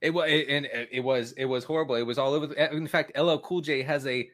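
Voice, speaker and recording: A man's voice: mid-range voice, fairly even intonation, fast talker, a bit bright. A man co-hosting a casual football chat, delivering his lines with mock drama and laughing along. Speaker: fantasy football analyst co-host.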